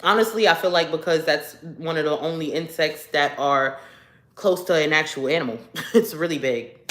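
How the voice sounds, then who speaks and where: A woman's voice: low-pitched, fairly bright tone, roomy sound. A woman hosting a casual livestream who tells rambling stories, laughs often, and sounds congested. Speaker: livestream host. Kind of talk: casual chat with viewers.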